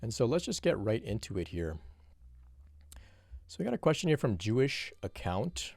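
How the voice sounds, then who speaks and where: A man speaking as a spiritual teacher, answering a viewer's question in a reflective, unhurried monologue with frequent restarts. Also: medium pitch, very animated, vocal fry, darkish tone, no room sound. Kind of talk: solo Q&A monologue.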